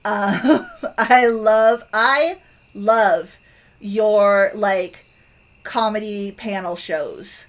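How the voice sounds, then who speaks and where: A woman's voice: medium pitch, drawn-out words. A young woman from Canada, chatting casually to her stream audience in a rambling way, with many fillers, restarts and laughs.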